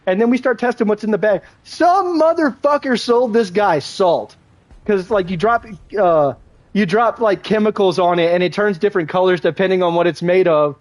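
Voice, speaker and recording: A man's voice: high voice, fairly quick, no echo. A young man livestreaming a game, rambling through a casual story with lots of fillers and restarts. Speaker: gaming livestreamer.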